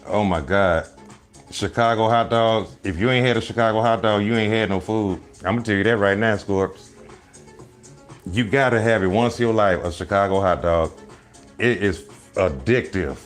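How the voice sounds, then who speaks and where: Joking, low-voiced man hosting a live stream. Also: normal speed, faint music behind. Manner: loud joking rambles, bursts of laughter, mock voices. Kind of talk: casual comedic live stream chat.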